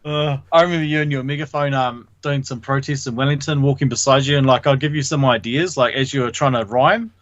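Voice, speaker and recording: A man's voice: medium pitch, steady tone, fairly quick, few pauses, a bit bright, dry recording. A man, a guest on a radio chat, eagerly telling protest stories with lots of "like". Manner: eager, laughs often, fillers like "like". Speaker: radio show guest, activist. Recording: dull lo-fi line, dry.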